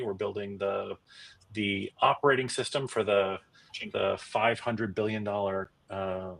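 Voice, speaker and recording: A man's voice: on the low side, creaky, a bit bright. A middle-aged man hosting a casual live stream, talking loosely with many fillers and restarts. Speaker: host.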